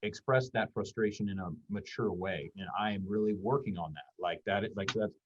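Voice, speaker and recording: A man's voice: on the low side, moderate pace, a little hiss or hum. A man guesting on a talk show, speaking casually and thoughtfully with many fillers and restarts. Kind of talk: casual conversation on a video call. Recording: dull lo-fi call audio.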